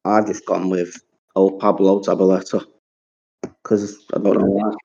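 A man's voice: low voice, flat delivery, measured pace, gravelly, mellow. Laid-back man, lo-fi sound. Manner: laid-back, rambling, swears freely. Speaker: podcast co-host. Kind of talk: casual chat. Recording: dull lo-fi audio.

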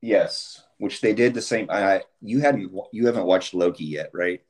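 A man with a very deep voice chats in an easy, deadpan manner. He drops dry wisecracks at his co-host. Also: moderate pace. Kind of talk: casual banter.

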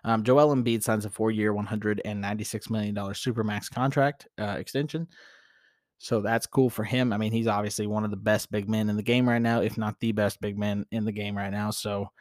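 Rambling low-voiced man hosting sports talk. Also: fairly even intonation, fairly quick, dry recording, clean studio sound. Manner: rambling, frequent restarts and fillers, opinionated. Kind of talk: casual solo sports commentary.

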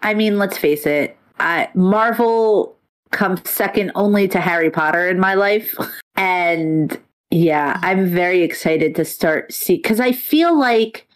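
A woman in casual chat about comics and superhero films, excitable and talkative, swearing freely. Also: lowish voice, slow.

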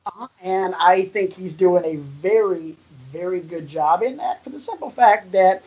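A man co-hosting a podcast, excitable and animated, swearing casually in relaxed chat. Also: high voice, a little slow, breathy edge, muffled recording. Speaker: podcast co-host.

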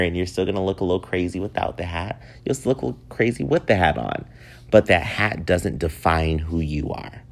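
A man in his thirties hosting his own podcast, talking casually and animatedly, laughing often as he goes. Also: low voice. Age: 30s. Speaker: podcast host. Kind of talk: casual solo podcast talk.

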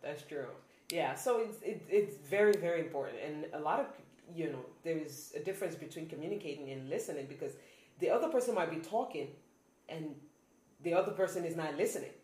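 A woman chatting casually as a podcast co-host, laughing often and talking in halting restarts. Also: low voice, expressive, a little mellow. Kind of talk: casual chat. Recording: echoey room.

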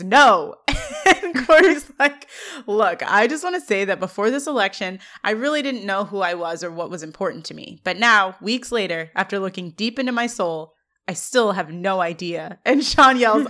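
A woman's voice: mid-range voice, a bit bright. A woman co-hosting a podcast, retelling an episode scene by scene and quoting the characters' lines. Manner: laughs often while recounting. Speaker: podcast co-host. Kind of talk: scene-by-scene recap.

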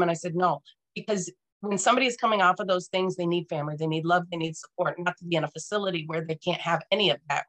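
A woman's voice: fairly low pitch, a bit bright. A woman speaking as a podcast guest, telling her personal story in a frank, earnest and emphatic way.

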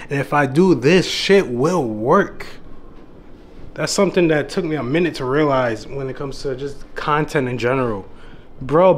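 A man's voice: on the high side, a little hiss or hum. Earnest young man giving motivational talk. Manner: casual, swears often, calls the listener bro; earnest, gets emotional. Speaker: dating and self-improvement YouTuber. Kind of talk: motivational monologue to camera.

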